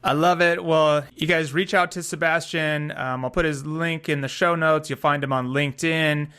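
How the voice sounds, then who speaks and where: A man's voice: a little high, steady tone, moderate pace, sharp tone, smooth. A man hosting a podcast, upbeat and friendly as he wraps up the interview. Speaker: podcast host.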